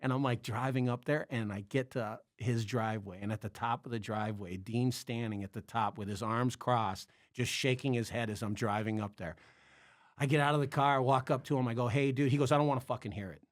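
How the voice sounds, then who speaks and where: A man's voice: mid-range voice, fairly quick, no room sound. Man telling a rowdy story, dry sound. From Chicago area, US. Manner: animated, acts out quoted voices, swears freely. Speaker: podcast guest, comedy club bartender. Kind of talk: casual storytelling chat.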